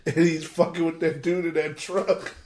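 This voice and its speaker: A young man co-hosting a casual podcast, excitable and quick to laugh hard while retelling things. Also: fairly high pitch, a little hiss or hum. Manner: excitable, laughs hard, says dude a lot. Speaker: podcast co-host. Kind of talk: casual chat among friends.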